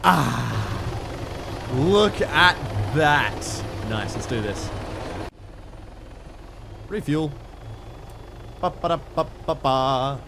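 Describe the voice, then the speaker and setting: Sweary excitable Australian man. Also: mid-range voice, very slow, vocal fry, pauses often, slight background noise. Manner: excitable, sweary, sudden shouted outbursts. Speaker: gaming streamer. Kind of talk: casual gameplay commentary.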